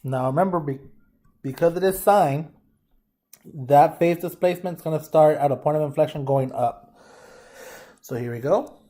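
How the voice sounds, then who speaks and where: A man's voice: fairly high pitch, normal speed, pauses often, dark tone. A man teaching a math lesson, thinking aloud casually as he works problems and addresses the class as guys. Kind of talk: informal lesson walkthrough.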